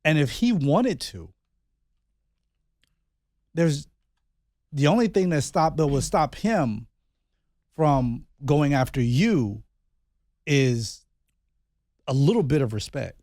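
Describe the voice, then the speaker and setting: A man co-hosting a casual podcast, telling a family story in an animated way and often repeating his words as he thinks. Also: fairly high pitch, slow, long pauses, dry recording, clean studio sound. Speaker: podcast co-host and father.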